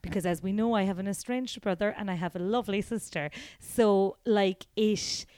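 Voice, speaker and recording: A woman's voice: medium pitch, moderate pace, darkish tone, no echo, clean studio sound. A woman in her thirties with an Irish accent, chatting frankly and casually as a podcast co-host. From Ireland. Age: 30s. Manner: chatty, frank, laughs often, swears. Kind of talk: casual chat.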